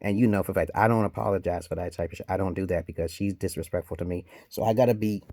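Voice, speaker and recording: A man ranting in a commentary vlog, profane and heated, jumping from shouted outbursts to low mutters. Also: steady tone, quick pace, no room sound, studio quality. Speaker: vlogger giving dating advice.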